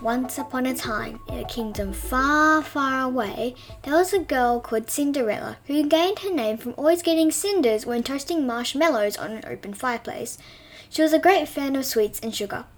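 A woman's voice: high voice, lively intonation, normal speed, faint music behind. A young woman reading her own funny retelling of a fairy tale aloud, playful and often correcting herself mid-sentence. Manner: playful, with frequent self-corrections. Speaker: storyteller. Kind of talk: reading a self-written story aloud.

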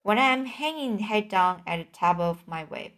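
A woman voicing a calm, wise female spider in a storybook, cool and reassuring. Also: medium pitch, moderate pace, natural voice.

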